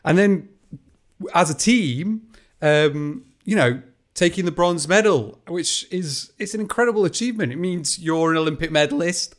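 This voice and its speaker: A man interviewing an athlete, pausing on "um" and "uh" before building to enthusiastic remarks. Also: on the high side, lively intonation. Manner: hesitant, with many "um" and "uh", then building enthusiasm. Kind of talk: interview questions.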